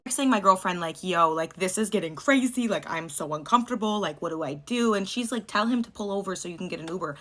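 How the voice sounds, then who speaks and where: A young woman tells a personal story in a loose, chatty voice. She talks quickly, swears freely and scatters "like" through every sentence. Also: on the low side, lively intonation, a bit bright. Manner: chatty, swears, lots of "like" fillers. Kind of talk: casual storytime chat.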